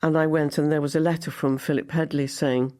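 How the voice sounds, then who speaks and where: A woman's voice: sits low, flat delivery, brisk, warm tone. A woman in her seventies from Liverpool, a guest actress telling anecdotes in an interview and acting out her own past thoughts as she goes. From Liverpool, England. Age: 70s.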